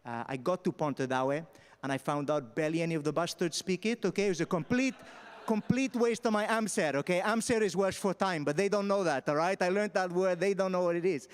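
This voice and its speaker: A young man raised in Spain tells stand-up stories on a festival stage at a quick clip. His voice sits a little high for a man. He is punchy and keeps checking in with "all right?", and the sound carries a long hall reverb. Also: smooth. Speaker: stand-up comedian.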